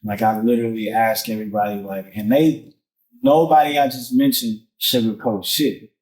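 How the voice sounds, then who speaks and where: A man appearing as a musician guest on a podcast, talking casually in animated street slang and swearing often. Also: lowish voice, normal speed, poor audio. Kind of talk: casual conversation.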